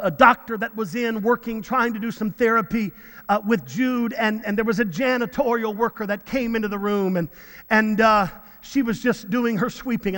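Earnest preacher guy, high bright voice, keeps repeating words, big echoey church. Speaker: pastor. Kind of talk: sermon storytelling.

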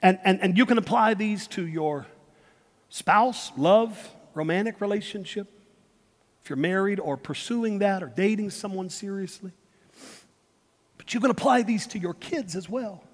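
A man preaching a sermon, emphatic, repeating words and swinging between loud and hushed. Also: high-pitched, measured pace. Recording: long hall reverb.

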